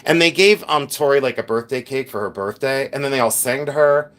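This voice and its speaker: A man's voice: mid-range voice, a little fast, fairly bright tone. Chatty middle-aged man from Ohio. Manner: chatty storyteller, laughs often, reads viewer comments aloud. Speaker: livestream host and reseller. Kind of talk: casual live-stream chat.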